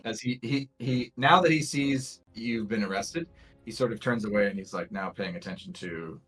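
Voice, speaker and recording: A man's voice: lowish voice, moderate pace, fairly bright tone, faint music behind, low-quality recording. A man narrating a tabletop game as game master, in a loose, rambling way full of fillers. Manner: loose, lots of fillers and hedging.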